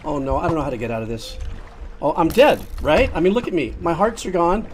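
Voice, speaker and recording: An older man giving chatty, excitable live commentary while playing a game, talking into a headset. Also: a little high, fairly quick, a little hiss or hum. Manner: chatty, excitable, exclaims often. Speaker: streamer and composer. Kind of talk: casual livestream commentary.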